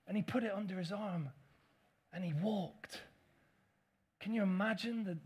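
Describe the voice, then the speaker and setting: A man delivers a sermon with a notably high-pitched voice. He preaches with animation, often dropping into playful voices to mimic his critics. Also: moderate pace, a bit bright, husky. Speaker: pastor.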